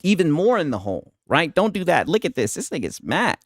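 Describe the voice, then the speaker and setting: A man's voice: fairly high pitch, very animated, brisk, no echo, clean studio sound. A man streaming, reacting to a clip with casual commentary and mocking, laughing asides.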